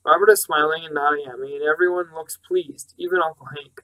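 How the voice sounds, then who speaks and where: A man narrating an audiobook in a measured, steady reading voice. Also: fairly high pitch, poor audio.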